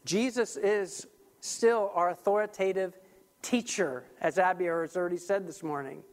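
High-voiced emphatic male preacher. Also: moderate pace. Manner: animated, emphatic, with restarts. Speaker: pastor. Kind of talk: sermon.

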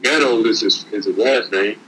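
A man's voice: lowish voice, normal speed, a bit bright, slight background noise, poor audio. A man giving casual, streetwise motivational talk as a podcast co-host, preaching and repeating words as he builds each point.

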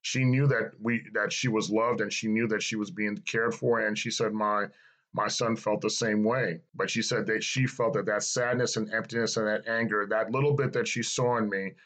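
A middle-aged man with a somewhat low voice tells his own story in a personal testimony. He speaks earnestly and reflectively and repeats key phrases for emphasis. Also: steady tone, normal speed, fairly bright tone, poor audio.

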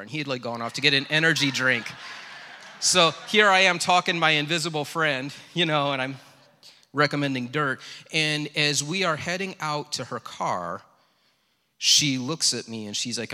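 Middle-aged male pastor, bright and forceful tone, chatty sermon storyteller, reverberant church hall. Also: mid-range voice, normal speed. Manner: storytelling, conversational and self-deprecating. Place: church sanctuary.

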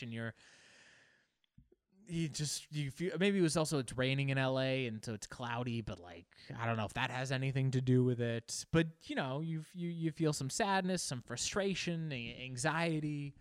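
A man talks in a casual, reflective monologue and muses aloud as he feels his way toward each thought. His voice is smooth and resonant, at a middle pitch. The recording is close and dry, with no room echo. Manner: musing, searching for words aloud.

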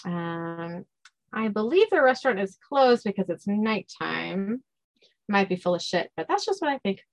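A woman's voice: medium pitch, big pitch swings, a little slow. A woman hosting a podcast, reading out a scene-by-scene story recap in a casual way and laughing and stumbling over words now and then. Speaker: podcast host.

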